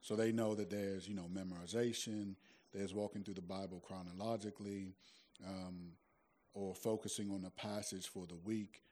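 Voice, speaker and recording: A man's voice: low-pitched, level tone, moderate pace, dark tone. A man moderating a church question session, reading out a question hesitantly with many fillers.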